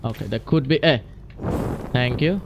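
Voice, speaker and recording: A man's voice: mid-range voice, moderate pace, vocal fry, muffled recording, background noise. A man hosting a let's play, jumpy and exclaiming as he talks to himself through a horror game. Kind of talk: gaming commentary.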